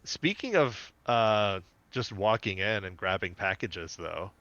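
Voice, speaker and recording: A man's voice: fairly low pitch, slow, no room sound, lo-fi sound. A man co-hosting a podcast, chatting casually and laughing as he recaps a cartoon episode. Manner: animated, laughing storyteller. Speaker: podcast co-host.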